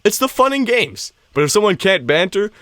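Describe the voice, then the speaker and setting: A man's voice: high voice, very animated, normal speed, fairly bright tone, no echo, clean studio sound. A young man co-hosting a casual chat, laughing often and acting out quoted lines in swearing banter. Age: young adult. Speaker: podcast co-host.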